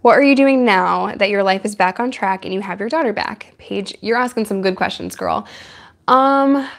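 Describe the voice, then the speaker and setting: A woman's voice: medium pitch, normal speed, gravelly. A woman hosting a casual live chat with viewers, chatty and laughing often. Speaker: livestream host.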